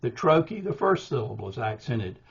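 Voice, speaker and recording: An older man teaching a poetry workshop, explaining meter in a deliberate way with small restarts. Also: mid-range voice, big pitch swings, husky. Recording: dull, muffled recording.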